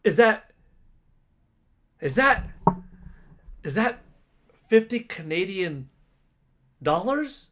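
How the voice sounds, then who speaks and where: A man hosts a casual livestream, talking in an excitable, rambling way. His voice is bright and swoops widely in pitch. He speaks at an unhurried pace. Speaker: livestream host. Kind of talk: casual livestream chat, reading donations.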